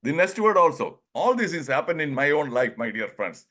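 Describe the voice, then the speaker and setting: A man's voice: a little high, big pitch swings, pushed and bright. A man from India with an Indian English accent, giving an informal online talk on pronunciation, chuckling often and acting out little dialogues. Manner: chuckles often, acts out dialogues, drawls words slowly. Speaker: presenter leading an online group session.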